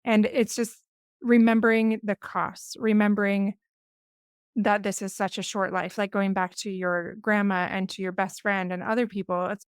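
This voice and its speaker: Thoughtful woman podcast host, smooth voice. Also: mid-range voice, little pitch movement, dry recording, clean studio sound. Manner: thoughtful, measured, reflective. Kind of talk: reflective conversation.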